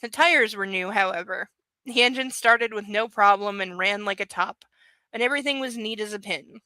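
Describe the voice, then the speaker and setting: Young woman reading a novel aloud, chatty asides; bright, smooth tone, dry close sound. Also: mid-range voice, normal speed, no room sound, poor audio. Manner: casual, chatty asides between passages. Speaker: book club reader.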